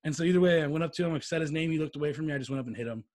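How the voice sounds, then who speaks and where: A young man on a podcast telling stories in a casual, animated way, acting out what others said. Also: on the high side, racing. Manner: animated, swearing, acts out quotes. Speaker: podcast co-host. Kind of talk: casual storytelling chat.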